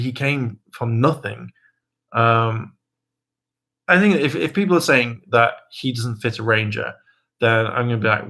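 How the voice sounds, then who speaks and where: A young man hosting a casual livestream, talking in a hesitant, rambling way with many ums and restarts, now and then jumping into a high, mocking voice to quote people. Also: fairly bright tone. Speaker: livestream host.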